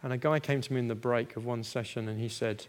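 A man's voice: mid-range voice, fairly even intonation, fast. A middle-aged man preaching a sermon, telling personal stories and acting out the voices in them with self-mocking humour. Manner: storytelling, acts out quoted dialogue, laughs at himself. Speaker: pastor.

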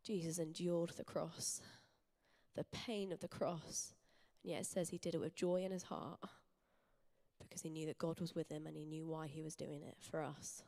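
Young woman, lowish voice, conversational church sermon, earnest. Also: little pitch movement, normal speed, warm tone. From England. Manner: earnest, personal, conversational preaching. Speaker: church speaker. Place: church hall.

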